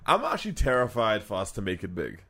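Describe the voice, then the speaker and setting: A man co-hosting a casual podcast, animated and laughing, acting out quotes in different voices. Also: fairly low pitch, quick pace. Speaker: podcast co-host.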